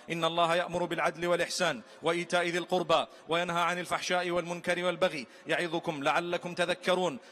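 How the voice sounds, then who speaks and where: A man leading Eid prayers, reciting Arabic supplications in a rapid, rhythmic chant. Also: high voice, a bit bright.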